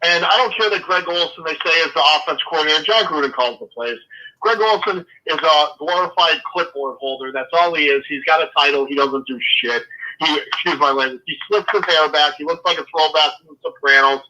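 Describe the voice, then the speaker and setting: A man's voice: a little high, brisk, sharp tone, lo-fi sound. A man talking football as a guest, ranting in a fired-up way, swearing and then apologizing. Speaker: guest fan. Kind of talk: casual sports chat.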